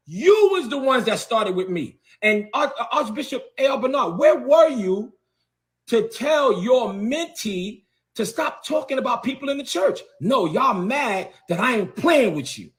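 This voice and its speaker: High, animated man ranting confrontationally. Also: measured pace. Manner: confrontational, repeats words for emphasis. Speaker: bishop. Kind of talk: heated video rant.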